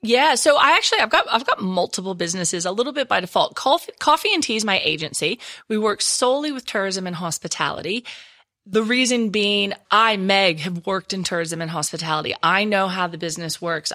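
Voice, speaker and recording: A woman's voice: lowish voice, a little fast, bright, forceful tone. A woman in her forties with a Texan accent, a social media strategist chatting as a podcast guest in an upbeat, emphatic way. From Texas. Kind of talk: podcast interview.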